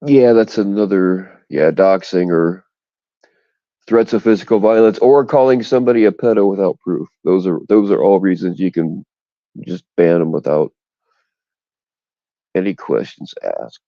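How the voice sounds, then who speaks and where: A man's voice: sits low, moderate pace, no room sound, lo-fi sound. A man hosting a casual livestream chat, talking bluntly and profanely in indignant rants, recorded on a phone. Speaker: livestream host. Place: outdoors in the cold.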